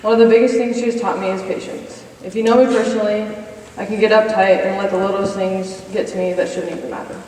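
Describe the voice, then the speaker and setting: A woman's voice: medium pitch, steady tone, fast talker, darkish tone, a little hiss or hum. A woman in her twenties giving a personal testimony in chapel, earnestly reading from notes and cueing slides. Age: 20s. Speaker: college senior speaker. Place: chapel hall. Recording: echoey hall from far off.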